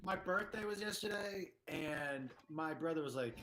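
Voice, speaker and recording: Man, fairly high voice, loose rambling chat, roomy echo, game noise behind. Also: expressive, moderate pace, a bit bright. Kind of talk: casual banter while gaming. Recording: roomy with gunfire and crowd behind.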